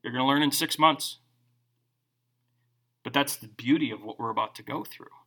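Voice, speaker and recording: A man's voice: medium pitch, moderate pace. A middle-aged male pastor preaching a sermon, joking and acting out quotes as he tells stories. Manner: animated, joking storyteller who acts out quotes.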